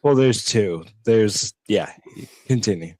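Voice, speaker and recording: A man co-hosts a podcast with an easygoing, agreeable delivery and a dry wit, his voice a touch lower than most men's. He sounds close to the mic in a dead, dry space. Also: animated, slow pace, darkish tone, no echo. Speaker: podcast co-host. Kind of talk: casual chat.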